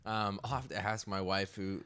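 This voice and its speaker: A man with a smooth, fairly low voice chats casually about growing up. He laughs easily and clears his throat now and then. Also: little pitch movement, moderate pace, fairly bright tone. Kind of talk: casual chat.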